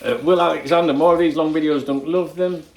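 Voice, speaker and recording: A man's voice: on the high side, fairly even intonation, fast, gravelly, reverberant, a little hiss or hum, poor audio. An older man, casually reading out viewer comments in his kitchen, blunt and jokey with plenty of swearing. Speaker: football fan channel host. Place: home kitchen while cooking.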